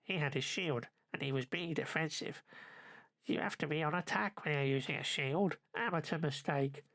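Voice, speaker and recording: A bearded man who lives for larping lectures like an expert, as a man puts him on in a travel vlog. His voice is gravelly and fry-laden, and his tone stays matter-of-fact and a bit smug. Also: a little high, moderate pace, fairly bright tone. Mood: lecturing. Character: bearded male larp enthusiast, know-it-all.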